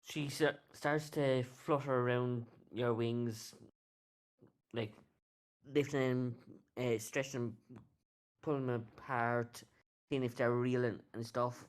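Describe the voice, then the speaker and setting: A man narrating as game master of a tabletop role-playing game, halting as he describes the scene. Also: mid-range voice, steady tone, clean tone. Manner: halting, many fillers and restarts.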